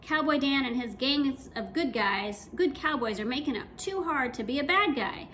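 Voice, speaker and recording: A woman voicing a gruff, mean male cowboy outlaw in a read-aloud storybook, drawling and threatening. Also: sits high, animated, normal speed, a bit bright, slight background noise.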